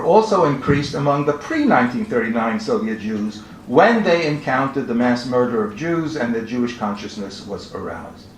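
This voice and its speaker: A man giving a measured academic lecture at a conference, reading out quotations as he goes. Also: mid-range voice, a little hiss or hum. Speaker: conference speaker. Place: conference hall. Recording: roomy hall with faint ambience.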